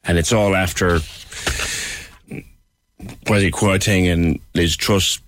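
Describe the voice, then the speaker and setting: A man's voice: deep voice, fairly even intonation, slow pace, a bit bright. A man hosting a radio talk show, wry and conversational as he talks with guests.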